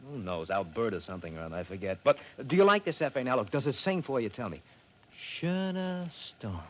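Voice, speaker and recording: A man's voice: fairly low pitch, lively intonation, fast talker. An actor playing a wheedling, salesy Hollywood publicity man in a 1950s radio drama, on an old, dull broadcast. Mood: pushy. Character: pushy fast-talking Hollywood publicity man.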